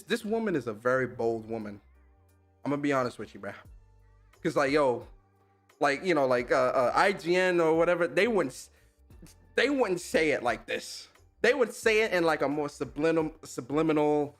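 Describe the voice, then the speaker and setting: A young man hosting a podcast, reacting to clips in casual, slangy commentary and laughing often. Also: a little high. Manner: animated, slangy, laughs a lot.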